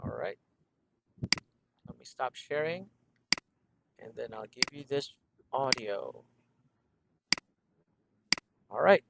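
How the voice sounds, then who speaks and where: A man's voice: mid-range voice, expressive, slow, gravelly, pauses often, heavy background noise. A man teaching a one-on-one English lesson over a video call, patiently repeating instructions and laughing often. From Philippines.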